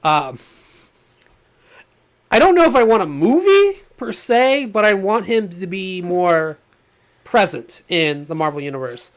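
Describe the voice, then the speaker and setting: A man co-hosting a podcast in casual chat, animated and laughing often as he pitches ideas. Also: measured pace, long pauses. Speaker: podcast co-host.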